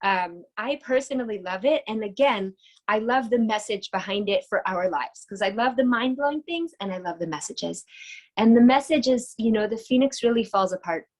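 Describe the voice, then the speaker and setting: A woman's voice: mid-range voice, animated, normal speed, rough recording. A woman teaching a casual online lesson, enthusiastic and chatty, often asking her audience questions over a video call.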